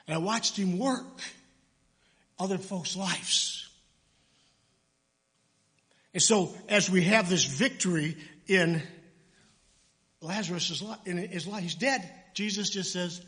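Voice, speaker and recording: A middle-aged man preaching a sermon, animated and conversational, with chatty asides. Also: high voice. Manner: animated, acts out voices in quotes, conversational asides. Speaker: pastor.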